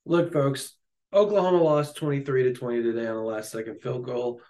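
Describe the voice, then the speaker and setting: A man co-hosting a casual sports chat, jokey and excitable, often laughing. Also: mid-range voice, a little fast. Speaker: sports podcast co-host.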